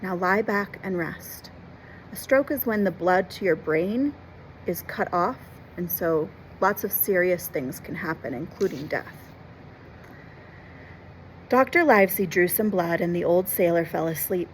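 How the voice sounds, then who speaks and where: A woman reading a classic adventure novel aloud, expressively, pausing to explain words and events for children. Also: lowish voice, expressive, slight background noise, low-quality recording. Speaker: storyteller and teacher.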